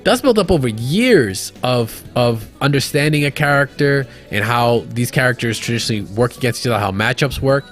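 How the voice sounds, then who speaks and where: A man's voice: mid-range voice, expressive, a little fast, few pauses, a bit bright, faint music behind. A man co-hosting a podcast in loose, casual chat, swearing freely and using many fillers. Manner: loose and profane, lots of fillers. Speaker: podcast co-host.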